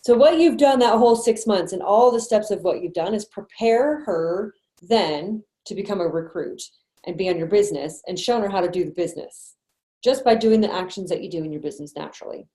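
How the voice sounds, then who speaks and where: A woman's voice: on the low side, mellow, echoey room. A woman sales manager leading an online training meeting in a chatty, encouraging way over a video call. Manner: chatty, encouraging, quick asides and laughs.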